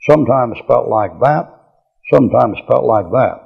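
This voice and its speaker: Older preacher, gravelly and husky, blunt folksy lecture style, muffled old tape. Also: male voice, mid-range voice, normal speed. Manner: folksy, blunt, chuckling asides. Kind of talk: bible teaching lecture.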